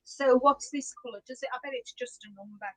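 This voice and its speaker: A woman's voice: high-pitched, fast, poor audio. A middle-aged woman hosting a live knitting podcast, chatty and giggly, greeting viewers by name. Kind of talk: casual live-stream chat.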